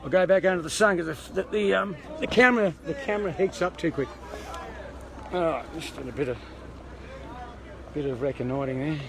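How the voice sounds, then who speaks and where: A man's voice: a little high, a little fast, creaky, long pauses. Chatty Australian man livestreaming outdoors. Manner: chatty, rambling, jokey asides to viewers. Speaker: livestreamer at a protest. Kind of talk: casual live stream chat. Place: outdoors on an urban street. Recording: noisy outdoor street recording.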